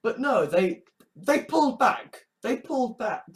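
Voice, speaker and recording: A man's voice: very high voice, big pitch swings, a little slow, low-quality recording. A man ranting in a sarcastic, exasperated way, swearing often and repeating a mocking phrase in escalating outbursts. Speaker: online commentator. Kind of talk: ranting commentary compilation.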